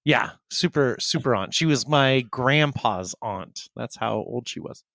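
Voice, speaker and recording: Slow, unhurried male podcast cohost. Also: mid-range voice, animated, vocal fry, fairly bright tone, no room sound. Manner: unhurried, reflective storytelling. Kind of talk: casual chat.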